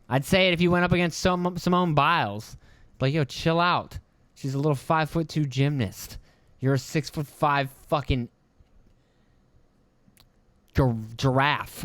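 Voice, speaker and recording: Young male podcast host, mid-pitch, smooth clear tone, dry close sound; profane, mocking ranter. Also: no room sound. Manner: profane, mocking, heated rant with put-on voices. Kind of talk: ranting solo podcast commentary.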